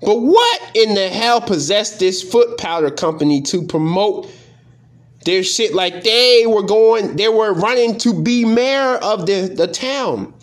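A man with a high, lively voice that leaps around as he rants. He hosts a casual podcast, swearing freely and sounding fed up as he addresses his listeners directly. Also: slow pace. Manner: profane, exasperated, talks straight to listeners. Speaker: podcast host. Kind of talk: casual commentary on news stories.

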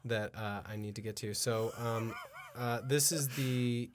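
A man hosting a casual podcast interview, giving short, relaxed prompts and reactions. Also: medium pitch, measured pace, background noise. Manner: brief, relaxed interjections and requests. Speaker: podcast host.

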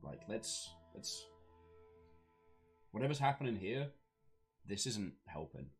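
A man's voice: lowish voice, sing-song, takes it slowly, faint music behind. A man playing in a tabletop game, friendly, coaxing and playful in character. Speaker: player. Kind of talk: in-character play.

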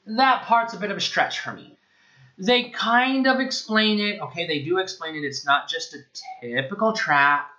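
A man's voice: fairly high pitch, animated, moderate pace, hardly any pauses, pushed and bright, highs cut off. A man giving a casual spoken film review, sarcastic and profane, rambling as he goes.

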